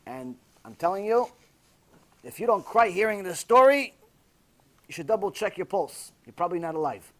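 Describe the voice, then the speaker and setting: A man, a rabbi, telling a story in a sermon, acting out the people he quotes with big swings from loud cries to hushed tones. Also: high voice, moderate pace, a little hiss or hum. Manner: animated, acting out quoted voices with big swings from shouting to near-whisper.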